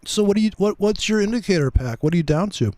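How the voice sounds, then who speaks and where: A man's voice: high voice, animated, quick pace, a little mellow, dry recording. A man hosting a casual group chat about trading, joking and rambling with many restarts.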